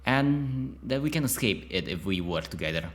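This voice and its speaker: A man's voice: on the low side, animated, normal speed. A man reading a narrative game's text aloud, often stumbling over words and breaking off into chatty asides to himself. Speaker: YouTuber playing a narrative game.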